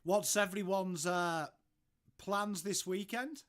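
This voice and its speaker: An English-accented man hosts a live stream from home in a relaxed, chatty way. His voice sits a touch higher than most men's. He keeps addressing viewers by name and answering their messages as they come in. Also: takes it slowly. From England. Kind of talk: casual live watchalong chat.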